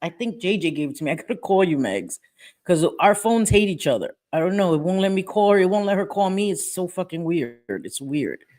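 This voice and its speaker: This woman hosts a relaxed livestream chat through her computer mic, her low, darkish voice sing-song and a bit quick. She speaks bluntly with plenty of swearing, repeats herself, and laughs frequently.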